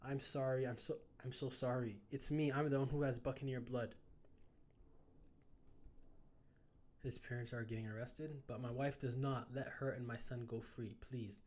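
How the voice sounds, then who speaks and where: A man's voice: medium pitch, steady tone, a little fast, hardly any pauses, darkish tone, close to an everyday voice. A man reading aloud a captive father's lines in his own plain voice from a comic. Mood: pleading. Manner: plain read-aloud delivery. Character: captive father, kind and hopeful, grown man.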